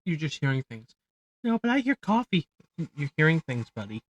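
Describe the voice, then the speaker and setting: A woman voicing a sleepy, low-voiced male buddy with slow, flat, mumbled replies. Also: no room sound, lo-fi sound. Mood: drowsy.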